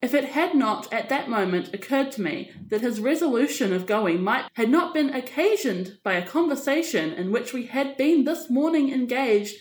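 A woman's voice: on the high side, lightly acted. A woman reading aloud and voicing a scheming, persuasive aristocratic mother with a theatrical manner. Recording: echoey room.

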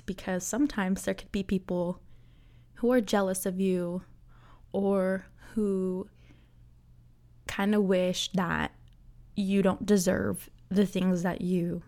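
Young woman in her 20s doing a solo podcast, slow easygoing talker, lots of "like" and little laughs. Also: medium pitch, dark tone. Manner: chatty, laughs often, says "like" a lot. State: out of breath. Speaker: podcast host. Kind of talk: casual solo podcast chat.

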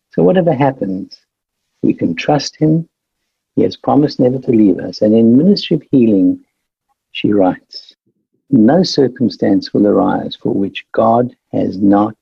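A man with a gravelly, husky voice gives a devotional, telling a story with earnest feeling before easing into a slow prayer. The sound is dry and a little dull, like lo-fi webinar audio. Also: lowish voice, no echo. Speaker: speaker giving a devotional and prayer.

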